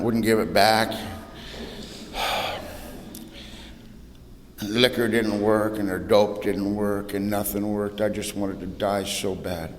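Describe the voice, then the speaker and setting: A man's voice: on the low side, a bit bright. A man in his sixties telling his own recovery story to an audience in a plainspoken, humorous way, with casual slang. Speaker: recovery meeting speaker. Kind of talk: personal story told to an audience. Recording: roomy hall reverb, faint noise.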